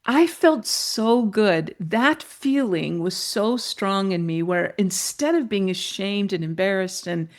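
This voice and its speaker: A middle-aged woman telling a personal story as a podcast guest, lively, and acting out the voices of other people. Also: medium pitch, slow, few pauses. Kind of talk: storytelling in an interview.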